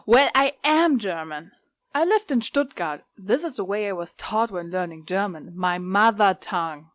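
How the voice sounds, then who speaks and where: A woman's voice: medium pitch, lively intonation, moderate pace, fairly bright tone, no room sound, lightly acted. A woman voicing a blunt teenage girl. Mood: firm, correcting. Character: teenage German girl, frank and indignant. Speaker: voice of the story's poster. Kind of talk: voiced dialogue in a narrated story.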